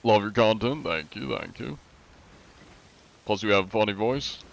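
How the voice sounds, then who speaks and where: A man's voice: on the low side, normal speed, vocal fry, lo-fi sound. Laid-back American man chatting with viewers. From USA. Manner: laid-back, rambling, many fillers like "like". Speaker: streamer. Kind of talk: casual chat with viewers while gaming.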